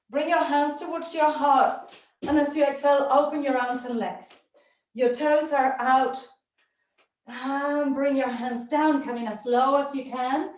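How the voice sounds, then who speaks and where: A woman with a high voice leads a workout-style yoga class, calling out breaths and poses in short encouraging commands. She speaks at an unhurried pace while moving with her students. The sound is very echoey and picked up from across the room. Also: a little mellow. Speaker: yoga teacher. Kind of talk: live yoga class instruction. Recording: very echoey room, distant mic.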